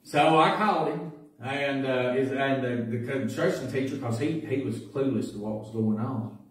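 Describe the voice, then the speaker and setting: A man preaching a sermon as pastor, telling folksy stories that build to loud preaching. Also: medium pitch, moderate pace. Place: church sanctuary. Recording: echoey church recording from a distance.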